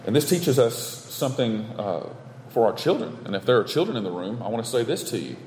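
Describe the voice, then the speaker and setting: A man preaching a sermon from the pulpit, stressing his points through steady repetition. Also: medium pitch, a little fast, slight background noise. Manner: emphatic, repetitive preaching cadence. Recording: echoey hall with long reverb.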